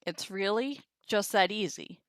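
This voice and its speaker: A woman's voice: mid-range voice, a little slow, no room sound, clean studio sound. A woman teaching a language lesson on a live stream, chatty, laughing often and reacting to viewers' comments.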